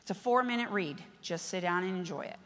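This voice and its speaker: A woman preacher delivering an impassioned sermon in a church, swinging between hushed asides and shouted exhortation. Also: on the low side, animated, fairly quick, long reverb tail.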